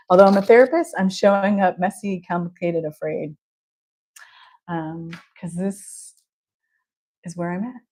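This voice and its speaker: Chatty woman therapist, low voice. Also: a little slow, long pauses, a little mellow. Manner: open and chatty, laughs often mid-sentence. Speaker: therapist and podcast host. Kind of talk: candid personal storytelling podcast.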